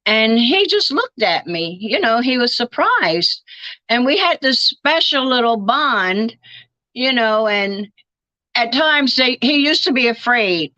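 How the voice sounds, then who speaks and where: A woman's voice: a little high, sing-song, slow pace, sharp tone, no room sound, lo-fi sound. Older woman telling family stories. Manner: storytelling, acting out quoted dialogue. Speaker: interviewee. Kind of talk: reminiscing interview.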